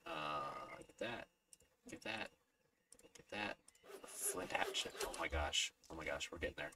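A man with a low voice, huge pitch swings and vocal fry narrates his own gameplay at normal speed for a let's play. Exasperated, he mutters to himself and yelps in sudden panic. The recording uses a distant mic with loud background noise.

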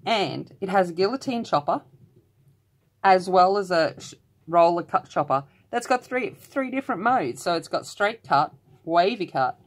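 Chatty woman, low voice, rambling colour-along vlog host. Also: expressive, moderate pace.

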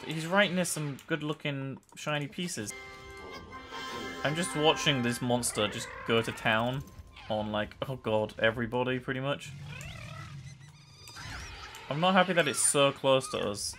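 Excitable young man narrating his gameplay. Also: mid-range voice, measured pace, long pauses, faint music behind. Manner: chatty, excitable, often laughing and yelling at the game. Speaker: gameplay commentator. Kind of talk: casual let's-play commentary.

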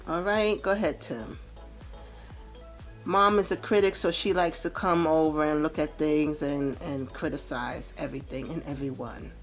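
A woman's voice: low voice, fairly even intonation, normal speed, soft background music. A woman giving casual let's-play commentary, chatting about what her game characters feel. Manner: chatty, narrates characters' feelings. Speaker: gameplay commentator.

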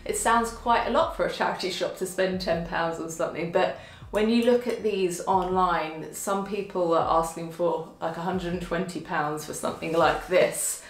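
A woman chatting casually to camera about things she found for her home, self-deprecating and quick to laugh. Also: lowish voice, roomy sound. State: out of breath from lifting. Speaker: vlogger showing a home haul. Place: at home, indoors.

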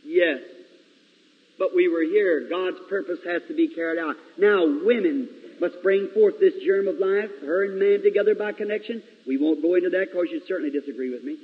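Man preaching, very high husky voice, dramatic loud-to-hushed storytelling, tinny old recording with long reverb. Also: normal speed. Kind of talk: sermon. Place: large church. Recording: lo-fi 1950s reel recording, long hall reverb.

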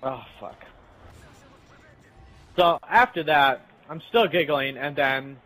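A man's voice: on the high side, slow, a bit bright, low-quality recording. A young man casually telling a rambling, profane story while playing a game with friends. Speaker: channel host.

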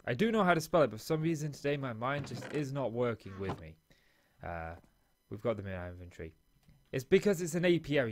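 A man's voice: medium pitch, big pitch swings, fairly quick. A man in a small home office, chatting casually and rambling with self-mocking asides while he plays and comments on a game. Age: adult, father of a school-age daughter. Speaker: let's play host.

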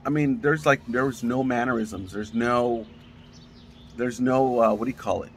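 A man's voice: mid-range voice, moderate pace, slight background noise. A man teaching a casual Bible study, talking in a loose, conversational way with frequent restarts.

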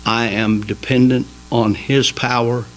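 A man preaching a sermon in a small church, emphatic and folksy, swinging between loud exhortation and quiet asides. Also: mid-range voice, little pitch movement, measured pace, low-quality recording. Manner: folksy, jokes with the congregation. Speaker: pastor.

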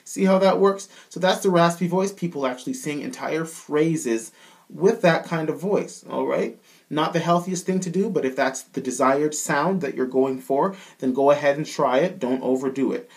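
A man's voice: fairly high pitch, normal speed. A man with a Canadian accent giving a casual singing lesson as a vocal coach, often checking in with the listener. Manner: casual, keeps checking in with "all right?".

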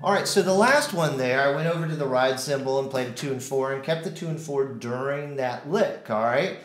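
A man's voice: mid-range voice, fairly quick, reverberant, a little hiss or hum. A man teaching drums in a casual way, counting out stickings and humming rhythms. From United States. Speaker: drum teacher. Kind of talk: casual instructional talk.

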